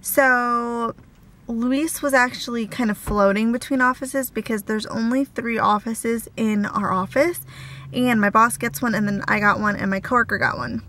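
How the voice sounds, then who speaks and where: A woman's voice: fairly high pitch, steady tone, moderate pace, sharp tone, a little hiss or hum. A young woman in her twenties chatting casually in a daily vlog, giggly and teasing. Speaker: vlogger. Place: home and car, indoors.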